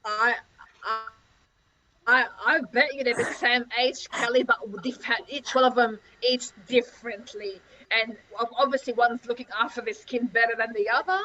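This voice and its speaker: A woman's voice: on the high side, steady tone, moderate pace, bright, forceful tone. A woman on a group call, giving a rambling answer full of repeated fillers. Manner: rambling, repeats "obviously" and "you know". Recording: dull, muffled call audio.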